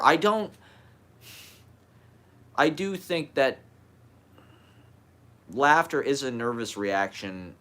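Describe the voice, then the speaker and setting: A man's voice: medium pitch, animated, slow, pauses often, sharp tone. A man with a slight lisp, talking candidly in a rambling personal monologue, swearing and laughing as he goes.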